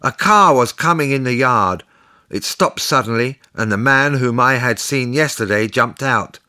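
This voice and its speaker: A man narrating a first-person story in a slow, deliberate, clear reading. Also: mid-range voice, lively intonation, bright, forceful tone, no echo, studio quality.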